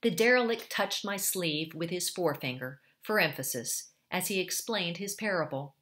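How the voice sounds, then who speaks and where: A woman reading a short story aloud in a measured, scripted narration. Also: fairly low pitch, expressive, a bit bright. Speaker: audiobook reader.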